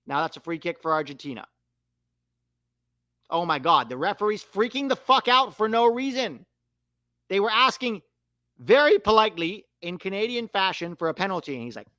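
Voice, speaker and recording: A young man calls the match live for his watch-along audience, swearing at the referee when riled. His voice runs a little high and swoops all over, with a bright, sharp edge. The recording is close and dry. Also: sing-song, normal speed, long pauses, no room sound.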